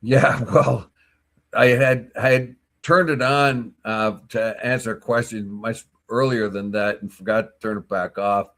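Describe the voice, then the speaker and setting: A man's voice: fairly low pitch, a little slow. Chatty man telling anecdotes. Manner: animated storyteller, opinionated. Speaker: co-host. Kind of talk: casual chat.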